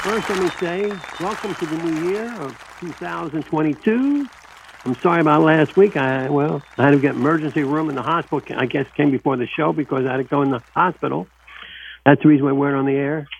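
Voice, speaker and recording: Gravelly-voiced man hosting radio show. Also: on the high side, brisk, a faint crowd, a little hiss or hum. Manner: warm joking, repeats welcomes. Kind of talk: casual radio talk. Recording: dull lo-fi radio sound.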